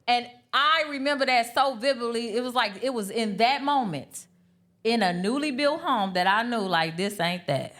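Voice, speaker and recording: Speaking at normal speed with a fairly bright, higher-leaning voice, this woman co-hosts a live podcast panel over brunch. Her candid talk centers on a personal story, told earnestly, with points restated for emphasis.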